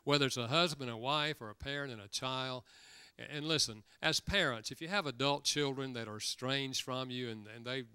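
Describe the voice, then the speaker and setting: An older man preaching as a guest, telling a story from the pulpit in a folksy manner and voicing each person's words with building emphasis. His tone is bright and crisp, and the sound is dry and close. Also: medium pitch, brisk, no echo. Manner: folksy storyteller, acts out dialogue with rising emphasis. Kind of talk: sermon with storytelling.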